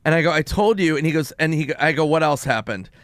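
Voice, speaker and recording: A stand-up comedian in his forties, a guest on a radio show, telling stories with quick back-and-forth dialogue. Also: fairly high pitch, fairly bright tone, no echo, studio quality. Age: 40s. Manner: storytelling, acting out both sides of conversations. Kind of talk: casual radio chat. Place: radio studio.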